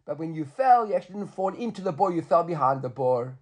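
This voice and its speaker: Man, high voice, Talmud teacher, step-by-step explaining, checks in with class. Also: lively intonation, fast, darkish tone.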